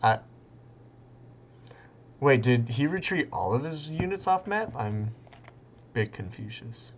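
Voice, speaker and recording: A young man casting a strategy game tournament in a loose, rambling way, breaking into excited outbursts and laughter. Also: mid-range voice, takes it slowly, a little hiss or hum. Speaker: tournament caster. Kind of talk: casual game commentary.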